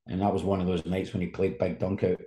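A man in his fifties, a sports journalist guest, telling animated anecdotes in casual conversation. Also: low-pitched, quick pace. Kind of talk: casual storytelling. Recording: roomy echo.

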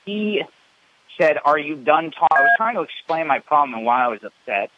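A man calling in an indignant, halting way with lots of fillers and restarts, over muffled phone audio. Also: a little high, very animated, pushed and bright, no echo. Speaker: caller. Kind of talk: phone complaint.

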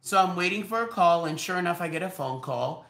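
A man who works as a realtor, a podcast guest telling personal stories in an animated way, laughing often and acting out the dialogue. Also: high voice, brisk, vocal fry. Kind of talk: anecdotal storytelling. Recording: echoey room.

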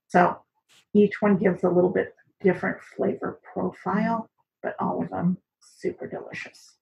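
A woman's voice: lowish voice, steady tone, normal speed, gravelly, darkish tone. A woman teaching an online cooking and seaweed class in a chatty way, with many fillers. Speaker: instructor. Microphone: recorded on camera for an online class. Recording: dull lo-fi recording.

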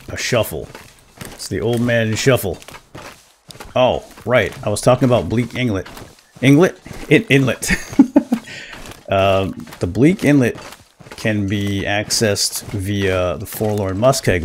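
A man giving casual, chatty commentary while playing a survival game, getting excited over small wins and chuckling often. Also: fairly low pitch, measured pace, a little hiss or hum. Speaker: let's play gamer.

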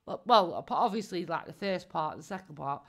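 A woman's voice: on the low side, lively intonation, moderate pace, a bit bright. A woman, giving casual live-stream commentary in a mocking tone, laughing often and swearing freely.

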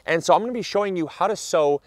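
Upbeat, higher-voiced male gardening host. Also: fast, no echo. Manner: upbeat and chatty, with frequent fillers. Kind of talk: casual instructional vlog. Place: outdoor garden.

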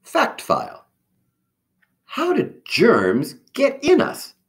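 Slow, expressive man reading a storybook. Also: extremely high pitch. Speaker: storybook reader. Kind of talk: children's picture book read-aloud.

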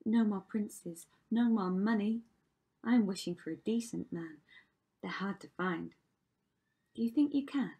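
A woman's voice: medium pitch, unhurried, pauses often, warm tone, husky. A woman voicing a wary, put-upon young Cinderella in a storybook reading, plaintive and earnest.

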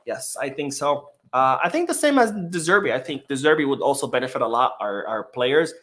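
A man's voice: mid-range voice, big pitch swings, brisk, a bit bright. A man hosting a casual live-stream podcast, reading chat comments in a loose, chatty way with many fillers.

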